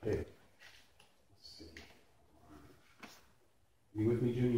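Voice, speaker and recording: A Canadian man with a Canadian accent rebuilds a transmission in his repair shop, chatting casually as he works, with blunt jokes and swearing. His voice is low-pitched with a darkish tone, fairly even intonation and a slightly slow pace. The recording is noisy, captured in the shop.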